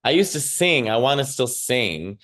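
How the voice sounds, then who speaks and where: A man's voice: medium pitch, big pitch swings, moderate pace, fairly bright tone. A man with a Chicago accent, a comedian talking casually in an interview from home over a remote call, rambling with lots of fillers and restarts. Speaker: stand-up comedian, guest.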